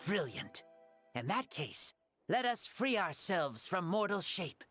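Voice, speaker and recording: A woman's voice: fairly low pitch, big pitch swings, takes it slowly, a bit bright, no room sound, soft background music, exaggerated voice. An actress voicing an ancient boy warrior spirit in a game cutscene, speaking in a solemn, formal, declaiming way.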